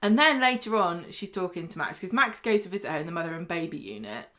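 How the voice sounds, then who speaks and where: A woman's voice: on the low side, very animated, quick pace, fairly bright tone. A woman co-hosting a podcast, chatting casually and laughing as she recaps a soap. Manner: chatty, laughing, slips into put-on voices. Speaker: podcast co-host.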